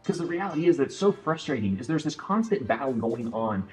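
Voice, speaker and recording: A man's voice: mid-range voice, sing-song, quick pace, faint music behind. A man giving a blunt, confrontational motivational monologue, swearing as he calls the listener out. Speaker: motivational speaker.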